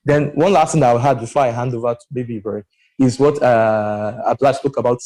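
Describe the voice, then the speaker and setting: Mellow man talking animatedly. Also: medium pitch, a little fast, rough recording. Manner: animated and emphatic, rambling with restarts. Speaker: podcast panelist. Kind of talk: casual discussion.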